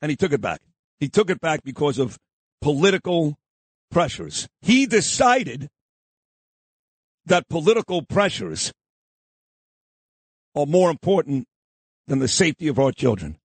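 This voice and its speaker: Talk radio host, male, husky, animated delivery, combative and insulting. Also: on the high side, moderate pace, pauses often, no echo. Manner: combative, insulting, repeats himself, shouts down opponents. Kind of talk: opinionated talk radio monologue.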